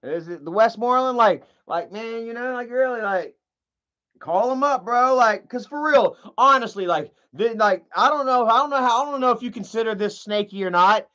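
A man's voice: very high voice, moderate pace, sharp tone. A man hosting a livestream, ranting in a profane, rambling way with lots of fillers. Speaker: livestream host. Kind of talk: livestream commentary. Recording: muffled lo-fi audio.

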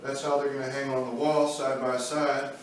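A man speaks at a moderate pace in a level, mid-range voice, an art instructor working through a painting demonstration step by step. He stays easygoing, talking as he paints. The audio is very echoey, the mic far off, with faint noise underneath.

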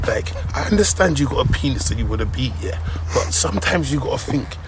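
A man's voice: mid-range voice, expressive, a little fast, over a noisy crowd, rough recording. A man co-hosting a podcast, bantering in a boisterous, slangy, joking way. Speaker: podcast co-host. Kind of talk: casual banter. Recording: loud background noise.

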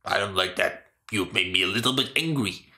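A man voicing a petulant, easily angered male shopkeeper from a video game, speaking in a deeper, gruff tone. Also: fairly quick, pushed and bright. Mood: grumpy.

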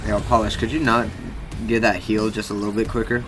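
A young man giving let's-play commentary, excitable, swearing a lot and yelping and shouting when his character takes hits. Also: lowish voice, brisk, music in the background. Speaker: gaming YouTuber.

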